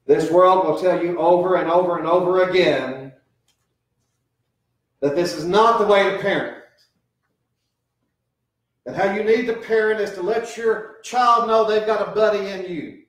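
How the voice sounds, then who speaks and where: A middle-aged man preaches a sermon in a relaxed, earnest way. His voice sits a bit high, and it rings through a very echoey church. He sounds some distance from the microphone. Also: unhurried, long pauses. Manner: earnest, conversational preaching with lively swings and quoted voices. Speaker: pastor. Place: church sanctuary.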